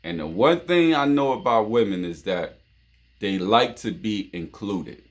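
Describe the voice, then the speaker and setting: A man's voice: fairly low pitch, lively intonation, measured pace. A man from New York hosting his own show, giving relationship advice in an informal monologue full of "you know what I'm saying" and repeated phrases. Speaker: show host.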